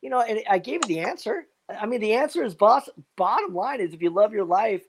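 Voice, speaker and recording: A man's voice: high voice, expressive, fairly quick, vocal fry, slight background noise. Rambling upbeat motivational man. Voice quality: rambling, repeats "man" and "you know what". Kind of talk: casual chat.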